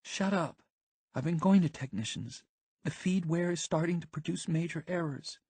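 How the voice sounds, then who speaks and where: A man voicing an anxious, sharp-tongued teenage girl in an audiobook, talking fast and pleading. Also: fairly high pitch, slightly rough, dry recording, pitched above the performer's own voice. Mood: scared. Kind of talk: audiobook character voice.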